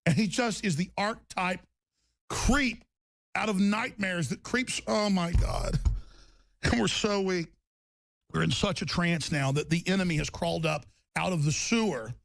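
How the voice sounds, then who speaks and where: Man, talk radio host, angry shouting rant, high-pitched, gravelly, raspy. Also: unhurried, no echo. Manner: shouting, agitated tirade.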